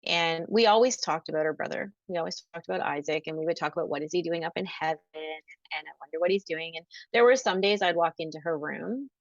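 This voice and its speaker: A woman guest telling a personal story in an interview, earnest and emotional, going soft at the sad parts. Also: fairly low pitch, fast, dry recording. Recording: dull, dry, lo-fi audio.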